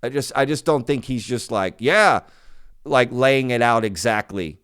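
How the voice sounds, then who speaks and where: A man's voice: mid-range voice, normal speed, smooth. A man hosting his own channel, talking casually to viewers in an emphatic, skeptical way and often repeating himself. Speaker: channel host.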